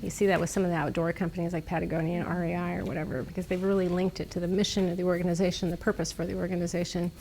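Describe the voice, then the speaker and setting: A middle-aged woman speaking as a guest speaker, telling stories in a lively, snarky way and laughing often. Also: fairly low pitch, racing, hardly any pauses, a little hiss or hum. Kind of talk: casual storytelling talk. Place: lecture room.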